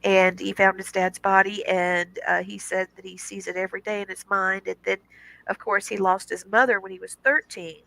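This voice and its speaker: A woman hosting a podcast in casual chat, telling stories in an animated way and laughing often. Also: mid-range voice, normal speed, vocal fry, no room sound, rough recording. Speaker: podcast host.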